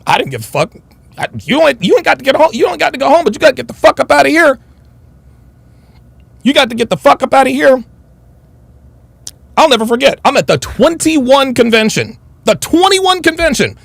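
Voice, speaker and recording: A man's voice: high-pitched, gravelly, fairly bright tone, no room sound. A man hosting a livestream, reading super chats and ranting bluntly with heavy swearing. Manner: blunt, combative, swears heavily. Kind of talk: profane livestream rant.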